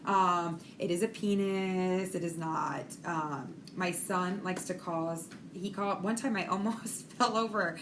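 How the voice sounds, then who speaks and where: A woman's voice: fairly low pitch, fairly even intonation, measured pace, hardly any pauses, noisy background. A middle-aged woman giving a recorded lecture on child development as an instructor, talking frankly and chattily with many fillers.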